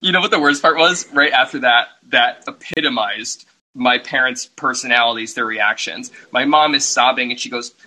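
A young man co-hosting a podcast, telling stories in a casual, animated way and laughing often. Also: mid-range voice, moderate pace, rough recording. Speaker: podcast co-host. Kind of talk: casual chat.

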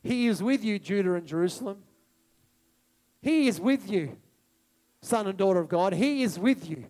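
A man preaching a sermon, moving between quiet reflection and loud, repeated declarations. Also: high-pitched, expressive, moderate pace. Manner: impassioned, swinging from soft to loud declarations; repeats phrases for emphasis.

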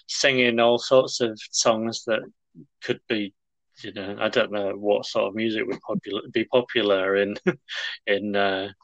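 A man's voice: fairly low pitch, steady tone, measured pace, dry recording, poor audio. A man co-hosting a podcast in casual chat, telling stories in a laid-back, jokey way. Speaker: podcast co-host.

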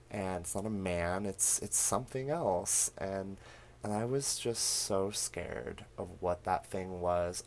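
A young man hosting a podcast, recapping a horror film in animated, laugh-filled storytelling that acts out the characters' lines. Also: low-pitched, slight background noise. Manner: animated storytelling, laughing often, acting out quotes. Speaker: podcast host.

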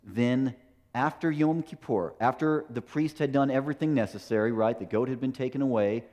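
A middle-aged American pastor delivers a sermon in a voice of ordinary pitch. He leans on rhetorical questions and checks in with "right?" after nearly every point. His voice rings out with a long reverb, as if from a large hall. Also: moderate pace, darkish tone, lo-fi sound.

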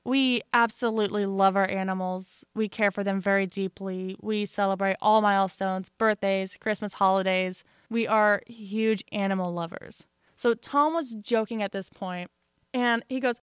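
Chatty woman with a crisp close voice. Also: mid-range voice, moderate pace, dry recording. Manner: animated, laughs through her own story. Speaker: podcast co-host. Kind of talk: casual storytelling chat.

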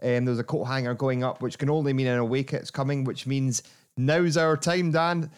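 A man hosting a casual football podcast, chatty and quick to laugh. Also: mid-range voice, clean tone. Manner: chatty, laughing, animated asides. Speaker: podcast host.

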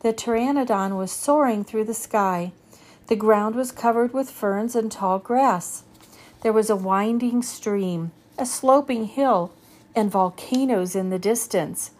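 A woman reading a children's chapter book aloud in a steady storytelling manner. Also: on the high side, a little slow. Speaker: reader.

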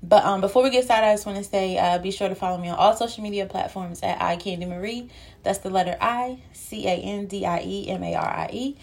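A woman's voice: medium pitch, a little fast, gravelly, darkish tone. A young woman hosting her own podcast, chatting casually and a little out of breath, with lots of filler ums. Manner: chatty, loose and playful, many filler ums. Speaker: podcast host. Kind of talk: casual solo podcast chat.

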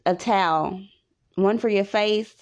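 A woman's voice: medium pitch, slow, highs cut off. A woman hosting a podcast, giving rambling, repetitive advice in a casual monologue. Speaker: podcast host.

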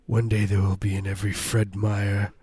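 A man voicing a grandiose old male inventor in an exaggerated, drawn-out way. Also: fairly low pitch, little pitch movement, a little mellow, husky, dry recording.

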